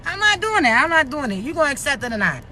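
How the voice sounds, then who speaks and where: A woman's voice: high voice, very animated, quick pace, bright, forceful tone, slight background noise. Blunt, profane woman in her thirties. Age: 30s. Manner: blunt, profane, rhetorical questions. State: short of breath. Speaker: vlogger. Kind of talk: casual rant to camera.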